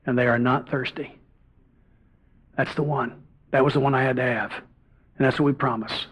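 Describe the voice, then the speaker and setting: A middle-aged man giving a personal testimony at a recovery meeting, earnest and confessional, bantering with the audience in the room. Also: medium pitch. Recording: dull lo-fi tape recording.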